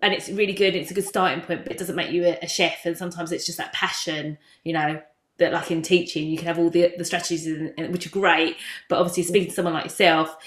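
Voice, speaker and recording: A woman host with a fairly low voice chats in a reflective, hesitant way, often searching for the right word. Her voice carries the echo of a bare room. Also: steady tone, fast talker. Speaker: podcast host. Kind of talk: casual conversational podcast chat. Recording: echoey room.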